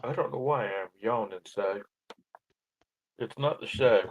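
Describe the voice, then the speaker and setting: A man's voice: on the low side, a little slow, a little hiss or hum, poor audio. A man co-hosting a live stream, chatting in a laid-back, wry way. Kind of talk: casual live-stream chat.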